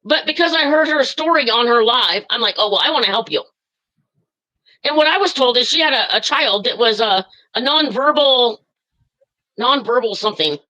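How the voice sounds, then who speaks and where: A woman's voice: on the high side, normal speed, pushed and bright, rough recording. A woman calling into a live stream, furious and swearing, rambling with many fillers as she tells what happened to her. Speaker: caller. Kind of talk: angry live-stream call.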